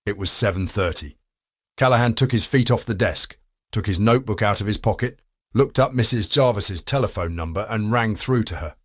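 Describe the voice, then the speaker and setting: Lowish guy reading a crime audiobook, steady, measured, dry close sound. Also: breathy edge, no echo. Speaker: narrator. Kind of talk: audiobook narration.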